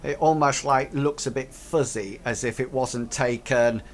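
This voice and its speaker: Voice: mid-range voice, fairly even intonation, a little slow, a little hiss or hum. A game master narrating a tabletop game, hesitant and full of fillers.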